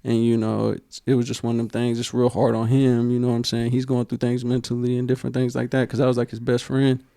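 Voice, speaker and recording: A young man, co-hosting a casual podcast. His voice is gravelly and dark, with a flat, level delivery and a dry, close sound. He tells a heartfelt personal story loaded with slang and fillers. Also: medium pitch, quick pace, no echo. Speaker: podcast co-host.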